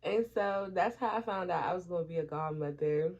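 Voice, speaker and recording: Doing her hair at home, a vlogger with a fairly low voice speaks briskly through a casual story, cursing freely and acting out her friends' words with animation. The recording has a dull, lo-fi quality.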